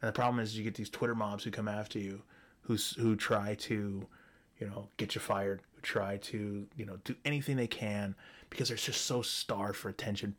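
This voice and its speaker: A man's voice: lowish voice, fairly even intonation, normal speed, a bit bright. A man hosting a solo show, ranting bluntly and profanely, often restarting his sentences. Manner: frequent restarts and stumbles. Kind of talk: solo opinion rant.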